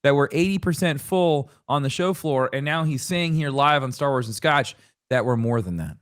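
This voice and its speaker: A man co-hosting a podcast, chatting in an animated, jokey way and laughing often. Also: medium pitch, normal speed, clear, resonant tone. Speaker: podcast co-host. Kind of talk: casual chat.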